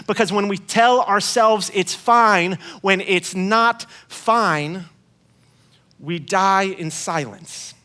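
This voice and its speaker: Bright, high-voiced male preacher. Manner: conversational, playful, acts out quoted voices. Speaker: guest preacher. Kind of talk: sermon.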